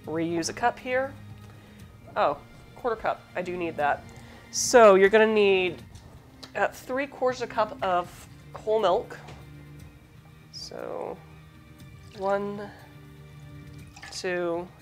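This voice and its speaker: Hosting a cooking demo, a woman from the southern United States chats casually and wanders into asides while she cooks, her light Southern lilt blended with Midwestern tones. Her voice is medium in pitch and slow, with frequent pauses and faint music behind her.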